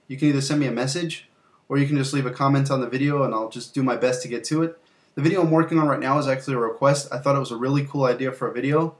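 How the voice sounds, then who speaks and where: A young man hosting a casual video, showing off games from his collection in a loose, rambling way with fillers and some mild swearing. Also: medium pitch. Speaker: channel host. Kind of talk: casual game collection show-and-tell.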